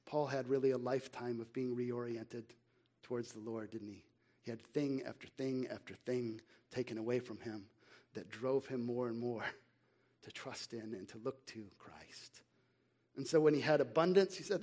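A middle-aged man delivers a sermon as pastor, his voice sitting at an ordinary middle pitch. He talks to the congregation in an earnest, conversational way, often tagging on rhetorical questions. When he reads scripture he slows down and gives the words weight. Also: a little mellow. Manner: reads scripture slowly and emphatically.

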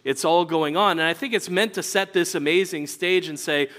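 A man's voice: sits high, a little fast, hardly any pauses, pushed and bright. A man preaching a sermon in a conversational way, acting out quotes of biblical figures.

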